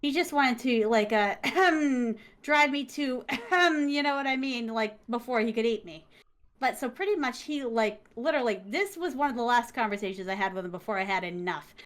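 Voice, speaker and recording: A woman's voice: fairly high pitch, normal speed, a bit bright. A woman, an interview guest, telling a story casually and animatedly, acting out the dialogue with emphasis.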